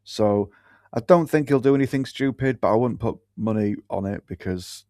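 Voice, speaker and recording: A man's voice: on the low side, moderate pace, mellow, no room sound. A man co-hosting a casual podcast chat, laid-back and dry, swearing casually. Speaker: podcast co-host.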